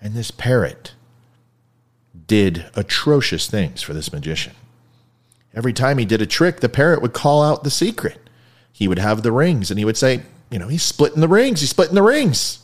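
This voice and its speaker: A man hosting a show, telling a story in a casual, jokey way, swinging between loud bursts and quiet asides. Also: fairly low pitch, animated, normal speed, long pauses. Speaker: host.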